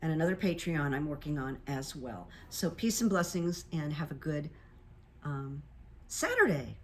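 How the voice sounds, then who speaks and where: A woman's voice: sits low, lively intonation, normal speed, slight background noise. An older woman, a vlogger, telling a casual story to her viewers in a chatty, meandering way with many ums and uhs. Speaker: vlogger and hypnotherapist.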